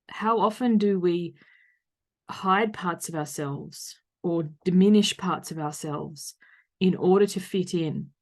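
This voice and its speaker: A woman in her thirties with an Australian accent and a medium-pitched voice hosts a solo podcast as a coach. In this reflective monologue she speaks loudly, frankly and conversationally.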